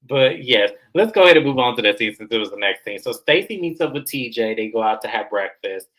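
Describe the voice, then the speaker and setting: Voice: mid-range voice, expressive, moderate pace, a bit bright, poor audio. A reality TV recap host giving casual, sassy commentary and repeating phrases for emphasis.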